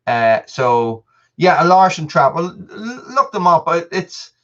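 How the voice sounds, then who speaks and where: A man's voice: a little high, big pitch swings, unhurried, a bit bright, muffled recording. A man hosting a casual live stream, chatting with viewers in a rambling way, full of restarts and repeated words.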